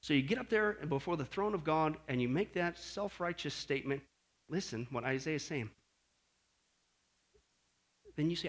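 A male pastor preaching a sermon in an animated way, swinging from loud outbursts to hushed asides. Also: a little high, normal speed, long pauses. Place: Las Vegas.

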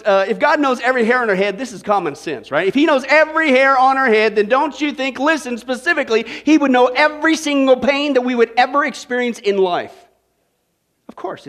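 Teaching Bible study, this high-voiced man preaches a folksy, animated sermon. He keeps firing rhetorical questions at his congregation.

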